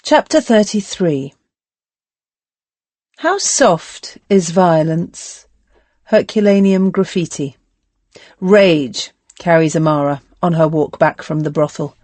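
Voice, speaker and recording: A woman reading an audiobook in a measured, steady scripted narration. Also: lowish voice, no echo.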